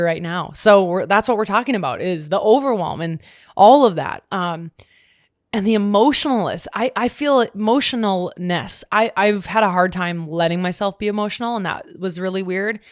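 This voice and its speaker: A woman hosts her own podcast in a loose, candid chat, swearing now and then and poking fun at herself. Her voice sits a bit low for a woman. The sound is close and dry, with no room around it. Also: no room sound. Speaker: podcast host. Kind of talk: casual chat.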